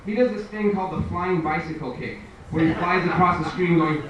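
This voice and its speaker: A man's voice: fairly high pitch, a little fast, highs cut off, a crowd in the background. A young man doing a stand-up comedy set, talking conversationally and acting out the people in his stories. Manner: conversational, acts out quoted voices. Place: live comedy venue. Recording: echoey room from far off with noise.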